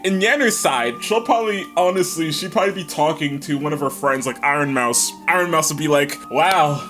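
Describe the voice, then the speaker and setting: A man's voice: fairly high pitch, brisk, sharp tone, soft background music. A man as a VTuber telling a rambling comic story, laughing and swearing as he goes. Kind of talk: comedic storytelling.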